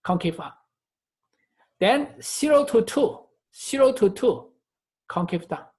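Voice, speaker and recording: Slow, methodical male math instructor. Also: high-pitched, expressive, a little mellow. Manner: slow and methodical, repeats and corrects phrases. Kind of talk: recorded math lecture.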